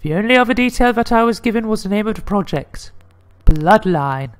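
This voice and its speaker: A man doing a falsetto lady executive. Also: expressive, brisk. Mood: grave. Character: nervous female corporate executive, composed but frightened.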